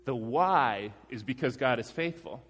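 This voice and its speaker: A male preacher tells his story like a chat with friends, relaxed and self-deprecating, before he turns to the text. His voice sits in a middle pitch. A long reverb from a large church hall trails behind every line. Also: a little slow. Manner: conversational, self-deprecating, with laughs. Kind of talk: sermon with personal story.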